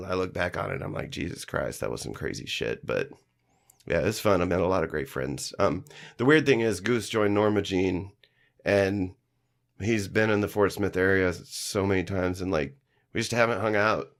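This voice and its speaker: Lively storytelling man, lowish voice. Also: moderate pace. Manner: animated storyteller, swears freely, acts out quotes. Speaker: podcast guest, musician. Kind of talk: casual storytelling chat. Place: live-streamed studio.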